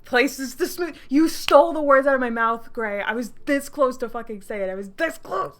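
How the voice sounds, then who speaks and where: A woman's voice: high-pitched, lively intonation, brisk, a bit bright. A young woman streamer, giddy and swearing freely, reacting to and reading a story game aloud with lots of laughter. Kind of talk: excited let's-play commentary and reading aloud.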